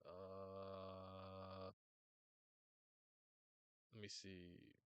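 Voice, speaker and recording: A man's voice: low-pitched, monotone, very slow, a bit bright, clean tone, dry recording, muffled recording. A young man casually reacting to a manga chapter, joking, rambling and swearing as he reads.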